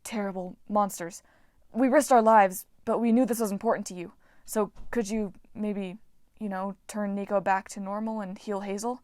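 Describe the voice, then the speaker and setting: A woman's voice: medium pitch, steady tone, normal speed, a little mellow, no echo, clean studio sound, natural voice. A woman voicing a nervous teenage boy demigod who pleads and stammers politely in a storybook reading.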